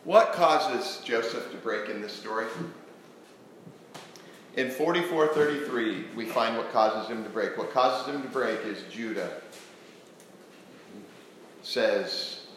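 A man preaching a sermon to a church congregation, posing questions to them in an earnest, animated way. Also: mid-range voice, slow, long pauses, a little hiss or hum. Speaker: pastor. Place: church sanctuary. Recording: very echoey church hall.

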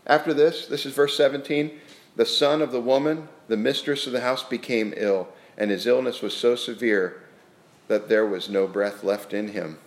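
Male preacher, lively sermon storyteller, recorded in a reverberant hall. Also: medium pitch, normal speed. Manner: lively, acts out the scripture scenes, often restarts his sentences. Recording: roomy echo.

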